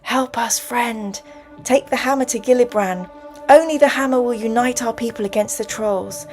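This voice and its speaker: A woman voicing a delirious, dying old male dwarf who shouts frantic cries and then pleads in a low voice. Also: a little fast, faint music behind, natural voice. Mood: pleading.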